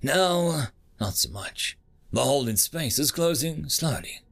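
A man's voice: fairly high pitch, expressive, gravelly, fairly bright tone, pitched above the performer's own voice, exaggerated voice. A man doing a jittery starship sensor tech. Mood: urgent. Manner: hurried, urgent reporting. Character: anxious male starship sensor technician.

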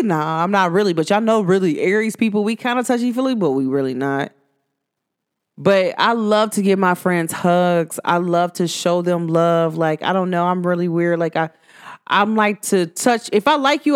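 A young woman with talks through her own podcast in a loose, conversational way. She is animated and chatty, breaks into laughter and slips into other people's voices when she quotes them. Her pitch sits in a middle range for a woman. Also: smooth. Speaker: podcast host. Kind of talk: casual solo podcast talk.

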